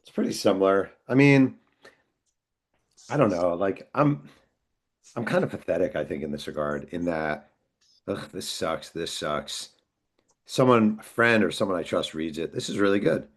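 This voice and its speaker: Deep-voiced man telling a story. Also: normal speed. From New York. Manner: animated storyteller, acts out quoted voices. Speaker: author and podcast guest. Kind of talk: conversational storytelling.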